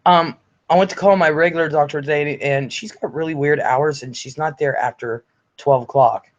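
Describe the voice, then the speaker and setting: A man's voice: a little high, steady tone, normal speed. An older man hosting a casual livestream from home, reading viewer comments aloud in a chatty, blunt way, swearing freely and sounding a bit congested from illness. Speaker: livestream host. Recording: slightly dull lo-fi audio.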